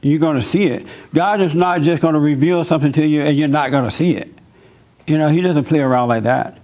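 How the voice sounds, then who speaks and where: A man's voice: fairly high pitch, a little fast, darkish tone. A male pastor preaching in a casual, joking way, often repeating himself as he talks. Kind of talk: casual sermon with humor.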